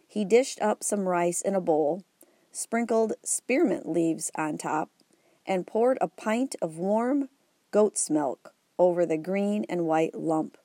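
A woman narrating an audiobook in a wry, even storytelling way. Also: lowish voice, takes it slowly, no room sound.

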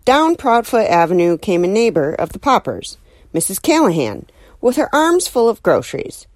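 A woman reads a children's novel aloud as an audiobook, telling it expressively. Her pitch moves a great deal through the lines, sitting mid-range for a woman. The recording is close and dry. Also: normal speed, dry recording. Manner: expressive, animated storytelling. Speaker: narrator.

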